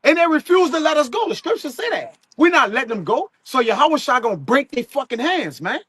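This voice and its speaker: High-voiced man preaching in a dry room. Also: big pitch swings, a little fast, fairly bright tone, dry recording. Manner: loose, slangy and profane, chuckling between points. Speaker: street preacher. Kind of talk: live group teaching session.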